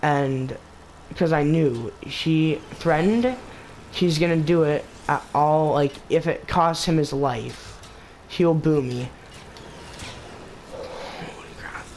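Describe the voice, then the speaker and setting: A man's voice: on the high side, slow pace, a little mellow, slight background noise, poor audio. A man hosting a gaming channel, telling a story in a rambling, casual way, full of filler words and restarts. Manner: rambling, filler-heavy retelling with lots of "basically" and "like".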